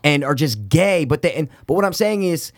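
A man's voice: fairly high pitch, expressive, normal speed, no echo, clean studio sound. Emphatic, profane man in casual chat. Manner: emphatic, profane, repeats "what I'm saying".

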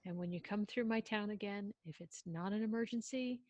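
A woman's voice: mid-range voice, fairly quick, no room sound. A woman telling a personal story in casual chat, acting out quoted lines and often breaking off and restarting. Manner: animated, acts out quotes, self-interrupting.

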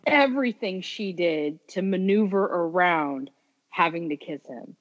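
A woman's voice: on the low side, lively intonation, unhurried, muffled recording. A woman chatting casually and enthusiastically about a favorite film, with frequent restarts.

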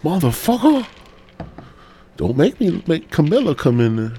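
A man voicing an angry old male politician in a high, cursing squawk. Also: big pitch swings, measured pace, noisy background. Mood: outraged.

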